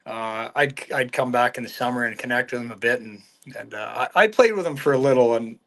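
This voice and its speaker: A man talking on a podcast, easygoing and relaxed, telling stories from his playing days. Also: mid-range voice, a little fast. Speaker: podcast guest, hockey scout. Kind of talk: casual storytelling chat.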